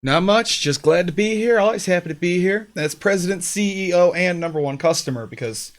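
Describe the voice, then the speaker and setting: A man's voice: high voice, animated, fairly quick. A man appearing as a guest on a live online show, answering with short, joking replies. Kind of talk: casual live-stream chat.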